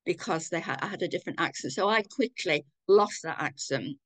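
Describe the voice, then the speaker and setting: Older Manchester woman, low and dry. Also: expressive, dry recording. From England. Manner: thoughtful, measured, with restarts. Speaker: community participant. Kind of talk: reflective personal account on a video call. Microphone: video call.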